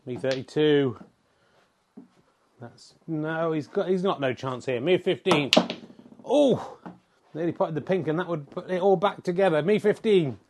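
Brief: male comic commentator, excitable and sweary, pitched a little high, mocks himself. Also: normal speed, background noise. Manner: excitable, sweary, self-mocking. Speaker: host and commentator of a home snooker tournament.

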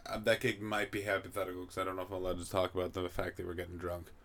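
A young man hosting a podcast, rambling and swearing as he rants, his voice rough and gravelly. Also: low voice, flat delivery, rapid-fire. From North America. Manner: profane, rambling, heats up into shouting rants. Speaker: podcast host. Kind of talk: casual comedic rant.

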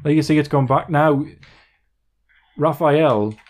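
A man's voice: a little high, takes it slowly. A British man co-hosting a podcast, chatting and joking in a playful, sweary way while playing retro games. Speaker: podcast co-host. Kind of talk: casual gaming chat.

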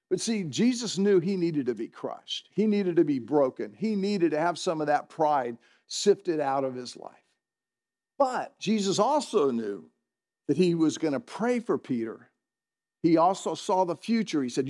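A man's voice: a little high, sing-song, a little slow, a little mellow. A middle-aged man preaching a sermon to a congregation, conversational, often asking the listeners questions and chuckling. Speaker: pastor. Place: church in front of a congregation.

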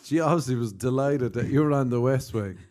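A podcast host in casual chat, reacting with laughs and quick quips. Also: medium pitch, dark tone.

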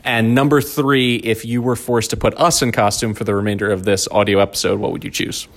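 Low-pitched male podcast host, jokey and rambling, casual sports talk. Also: fairly even intonation, fairly quick.

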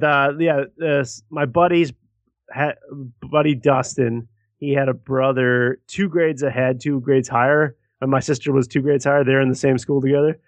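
Animated sweary podcast guy. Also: mid-range voice, no echo. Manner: profane, animated storyteller. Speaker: podcast co-host. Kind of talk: casual chat.

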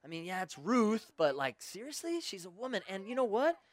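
Man putting on a high, whiny young disciple, fed up and incredulous. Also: sing-song, fairly quick. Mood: exasperated. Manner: whiny, disbelieving complaints.

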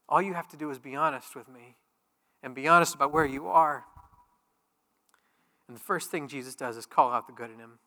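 A man preaching a sermon as pastor, conversational and joking, swinging from loud emphatic peaks to quiet intimate asides. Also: a little high, lively intonation, fairly quick, pauses often. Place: large church sanctuary. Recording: long hall reverb.

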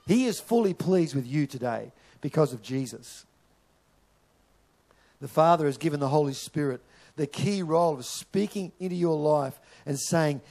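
A man preaching a sermon in a church, animated, repeating words and drawing in the audience. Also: on the high side, normal speed. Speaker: pastor.

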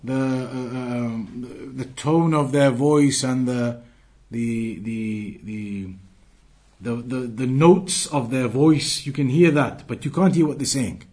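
A man teaching an Islamic lesson who recites Arabic passages quickly and then explains them patiently, repeating and rewording phrases. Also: medium pitch, dark tone. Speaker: religious teacher.

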